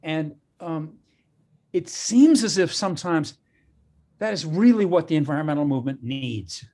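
A man hosting an interview over a video call, talking haltingly with many restarts and fillers. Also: fairly high pitch, animated, mellow. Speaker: host. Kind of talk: casual interview chat.

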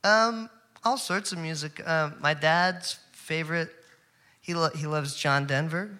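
A man's voice: on the high side, measured pace, sharp tone. A young man, a musician guest, chatting casually in an interview, easygoing and laid-back.

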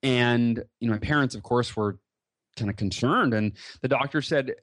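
A man telling a personal story as a podcast guest, earnest and animated, with many fillers and restarts. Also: medium pitch, normal speed, no echo.

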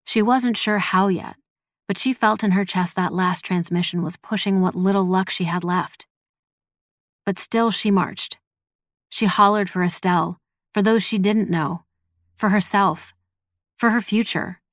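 A woman narrating a dramatic story in a measured, expressive storytelling voice. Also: mid-range voice, no echo, clean studio sound. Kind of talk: scripted audio drama narration.

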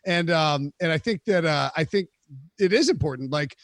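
A man's voice: on the high side, lively intonation, normal speed, fairly bright tone, no room sound, studio quality. A man co-hosting a casual sports podcast, rambling along with many fillers. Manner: rambling, lots of fillers and likes. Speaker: podcast co-host.

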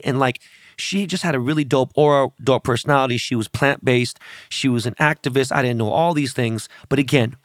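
A man's voice: mid-range voice, lively intonation, moderate pace, no echo, clean studio sound. A man hosting a podcast in casual chat, brash and profane, telling stories with quoted voices. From born and raised locally. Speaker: podcast host.

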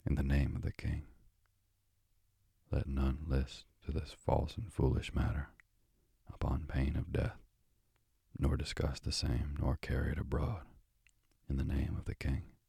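A man's voice: a bass voice, little pitch movement, unhurried, gravelly, long pauses, dark tone, husky, no room sound, full character voice. A man voicing a solemn royal official who makes a formal proclamation, in a storybook reading.

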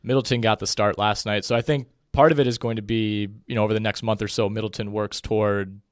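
A young man co-hosting a podcast, talking sports casually with quick jokes and asides. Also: fairly low pitch, no room sound, studio quality. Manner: relaxed, joking, quick asides. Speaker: podcast co-host.

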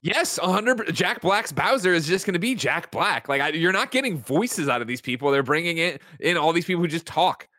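A man co-hosting a casual talk show, animated and rambling, swearing and laughing as he goes. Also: a little high, no echo, studio quality. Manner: rapid rambling with quick asides. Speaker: podcast co-host. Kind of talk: casual chat.

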